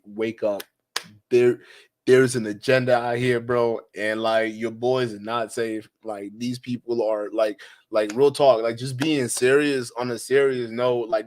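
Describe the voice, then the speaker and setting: A man of middle pitch reacting to clips in loose, profane street talk. He jumps between outbursts of disbelief and earnest lecturing. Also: a little mellow. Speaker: reaction video host. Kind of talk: casual reaction commentary.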